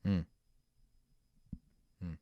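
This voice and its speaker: A young man speaking candidly and haltingly as a podcast guest, leaning on the word "like". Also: no room sound, lo-fi sound. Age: young adult. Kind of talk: casual conversation.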